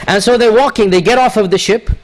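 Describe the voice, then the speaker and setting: A man preaching, retelling a story with animated delivery and frequent rhetorical questions. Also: high-pitched, fast talker. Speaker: religious teacher. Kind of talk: sermon storytelling.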